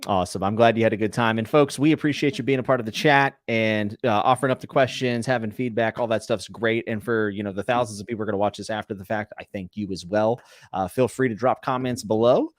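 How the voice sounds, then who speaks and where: A man's voice: fairly low pitch, fast talker, no echo, studio quality. A man hosting a podcast interview in casual chat, enthusiastic and chummy, laughing often, in an office. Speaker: podcast host. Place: hot indoor office.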